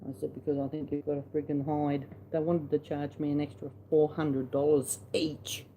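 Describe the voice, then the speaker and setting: A man's voice: fairly high pitch, completely flat delivery, normal speed, mellow, slight background noise, rough recording. A middle-aged man with an Australian accent tells a personal story in a casual, blunt, salty way, acting out past conversations. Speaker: vlogger.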